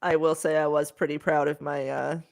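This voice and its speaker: A woman's voice: sits low, little pitch movement, a little fast, gravelly. A woman co-hosting a horror film podcast, chatting casually with many fillers, restarts and frequent giggles. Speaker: podcast co-host. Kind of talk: casual chat.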